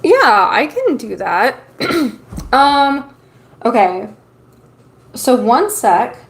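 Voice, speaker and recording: A woman speaks extremely slowly in a fairly high voice with big pitch swings while chatting casually on her stream and reading tarot cards. She has the hiccups and rambles loosely, with many ums.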